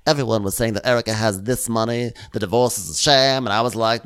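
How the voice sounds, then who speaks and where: A man's voice: medium pitch, fairly even intonation, fast talker, few pauses, fairly bright tone, clean tone. A man co-hosting a podcast, making wry joking asides in a comedic recap. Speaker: podcast co-host.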